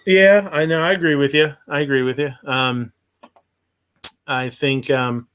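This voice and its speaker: A man's voice: on the high side, fairly even intonation, a little slow, fairly bright tone, slight background noise. A man hosting a livestream, commenting on news in a rambling, hesitant way with many fillers and restarts. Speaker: livestream host.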